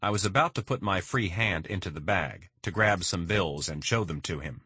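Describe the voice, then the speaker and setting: Husky male audiobook narrator, forceful. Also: deep voice, no room sound. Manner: steady, measured reading. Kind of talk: first-person crime thriller narration.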